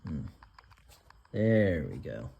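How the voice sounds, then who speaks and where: A man's voice: very deep voice, big pitch swings, drawn-out words, gravelly, muffled recording. A man casually explaining a car repair step by step while he works, cracking self-deprecating jokes along the way. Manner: joking, self-deprecating asides. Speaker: DIY car mechanic host. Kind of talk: casual how-to narration while working.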